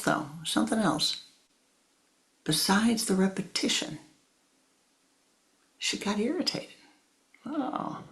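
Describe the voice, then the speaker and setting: A woman spiritual teacher giving a sermon, telling a story in a deliberate way and acting out its voices. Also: fairly low pitch, creaky.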